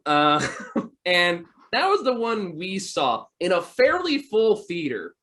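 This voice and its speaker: A man's voice: high voice, wildly swooping pitch, slow pace, fairly bright tone. Male podcast host, casual rambling storyteller, filler-heavy. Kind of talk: casual chat.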